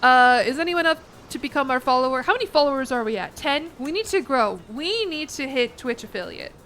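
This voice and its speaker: A woman streaming a game, chatting casually in a rambling, jokey way full of quick asides. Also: high voice, animated, a bit bright, soft background music. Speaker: VTuber streamer. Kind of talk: casual livestream commentary while gaming.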